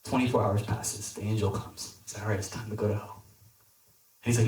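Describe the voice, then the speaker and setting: A young man with a voice on the low side speaks briskly as a deacon preacher giving a casual sermon at youth group. He talks conversationally with lots of "like" and gets animated acting out the characters in his stories. The recording is echoey, made in a hall with the mic at a distance.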